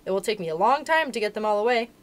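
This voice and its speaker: A woman reading aloud and voicing an eager, determined young princess girl with a bright voice. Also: medium pitch, animated, rapid-fire, slight background noise, close to an everyday voice.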